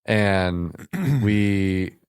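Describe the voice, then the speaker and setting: Deep, clear-voiced American man, plainspoken guest recounting combat, dry studio sound. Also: animated, drawn-out words, no room sound. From United States. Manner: plainspoken, matter-of-fact, with brief laughs. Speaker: podcast guest, combat veteran. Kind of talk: casual storytelling in conversation. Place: podcast studio.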